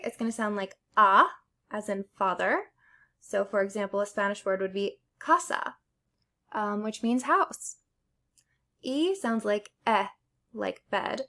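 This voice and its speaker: Slow-talking woman teaching Spanish sounds. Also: mid-range voice, a bit bright. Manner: explains step by step with examples. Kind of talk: casual pronunciation lesson.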